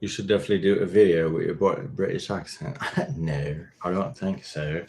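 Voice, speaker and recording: Chill guy streaming live, real deep voice, cussing casually while he thinks out loud. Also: fairly even intonation, normal speed, gravelly, slight background noise. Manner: laid-back, swears freely, thinks aloud. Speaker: streamer and voice actor.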